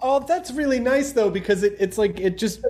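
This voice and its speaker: Interviewer, casual chat, encouraging, chatty, middling pitch. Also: animated, a little fast, darkish tone, a little hiss or hum.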